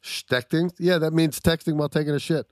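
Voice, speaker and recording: A man co-hosting a podcast in casual chat, telling crude stories with excitable energy. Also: on the high side, a little fast, dry recording, studio quality. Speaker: podcast co-host.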